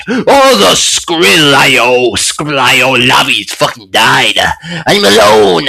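A man with a nasal voice ranting frantically, swinging between low mutters and shouted, sobbing outbursts. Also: very animated, takes it slowly, vocal fry, rough recording. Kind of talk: unscripted rant monologue.

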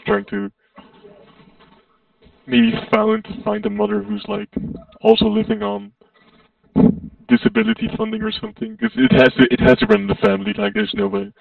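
Blunt, slangy man, very gravelly high voice, muffled and distant voice chat. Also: level tone, normal speed, pauses often, dry recording. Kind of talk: casual voice-chat banter.

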